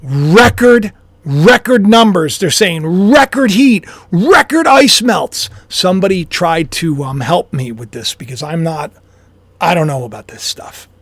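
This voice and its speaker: A man with a notably high voice muses aloud in a casual, rambling vlog from home. He is self-deprecating and chuckles as he talks. The sound is close and dry. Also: lively intonation, unhurried, fairly bright tone, no room sound. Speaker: YouTuber and author. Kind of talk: casual speculative monologue.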